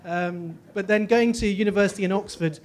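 A man's voice: high voice, a little fast, a little hiss or hum. A man in his forties with a posh English accent, telling his personal faith story with self-deprecating jokes. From Northeast England. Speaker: guest speaker. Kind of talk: humorous personal testimony.

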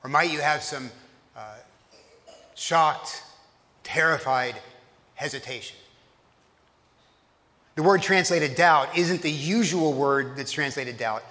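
A man's voice: a little high, takes it slowly, long pauses, sharp tone, big-room sound. A man preaching a sermon at a church service, telling the story in a conversational way and putting questions to his listeners.

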